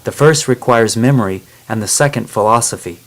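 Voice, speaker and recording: A man's voice: medium pitch, a little fast, lightly acted, low-quality recording. A man voicing a curious young girl traveler who asks eager questions, in a storybook reading.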